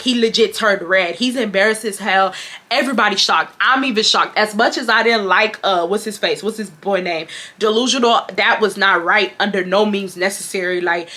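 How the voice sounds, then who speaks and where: Young woman from houston, bright tone, blunt chatty storytime talk to y'all. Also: mid-range voice. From Houston, Texas. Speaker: beauty vlogger telling a work story. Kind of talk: casual storytime.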